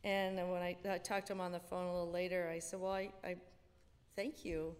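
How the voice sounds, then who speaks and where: Low-voiced woman testifying in a hall. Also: little pitch movement, fairly quick. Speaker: church member giving testimony. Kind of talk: personal testimony. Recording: reverberant hall.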